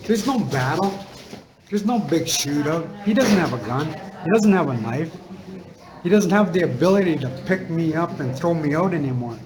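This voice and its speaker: A middle-aged man telling a personal story to listeners, halting and repetitive, circling back on his words with many fillers. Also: a little high, rough recording. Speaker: speaker sharing a personal story. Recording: crowd noise audible behind.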